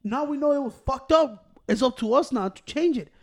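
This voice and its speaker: A man's voice: very high-pitched, moderate pace. A man on a casual podcast, ranting heatedly with lots of swearing and bits of Spanish. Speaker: podcast co-host. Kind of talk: casual chat.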